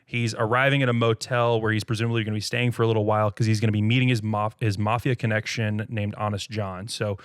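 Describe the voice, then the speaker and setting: A man's voice: fairly low pitch, level tone, fast talker, hardly any pauses, clean tone, no room sound, clean studio sound. A man co-hosting a podcast, retelling a bad movie in casual, jokey chat with lots of laughter. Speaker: podcast co-host.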